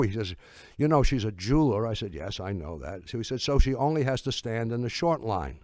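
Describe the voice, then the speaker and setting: An older man giving a talk, telling anecdotes with wry humor and frequent halting restarts. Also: on the low side, lively intonation, darkish tone, no room sound, studio quality.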